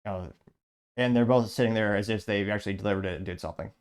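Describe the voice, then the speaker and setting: A man's voice: on the low side, fast talker, clear, resonant tone. Man reading and mocking online comments. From Illinois. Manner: rambling, sarcastic, frequent restarts. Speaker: show host. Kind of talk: reading and commenting on social media posts.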